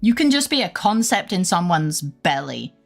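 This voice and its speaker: A woman streamer chatting casually with her live chat, rambling through a funny story with animated retellings. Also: fairly low pitch, normal speed, gravelly, faint music behind. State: unwell with brain fog.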